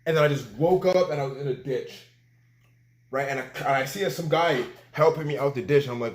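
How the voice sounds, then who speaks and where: A young man from Canada telling a story in a casual vlog, animated and full of fillers, acting out what he said at the time. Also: medium pitch, a little fast. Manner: animated storytelling, filler-heavy, acts out his own quotes. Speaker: vlogger.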